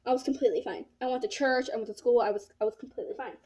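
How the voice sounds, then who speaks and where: A woman's voice: on the high side, racing, a little mellow. A teenage girl telling a casual story-time vlog, rambling and saying "like" a lot. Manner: rambling, filled with "like". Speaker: vlogger.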